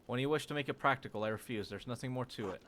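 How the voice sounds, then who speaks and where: A man's voice: mid-range voice, very fast, a bit bright, slight background noise, lightly acted. A man reading aloud as a haughty, defensive male monk prior who answers in an indignant, clipped way. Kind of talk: reading game dialogue aloud.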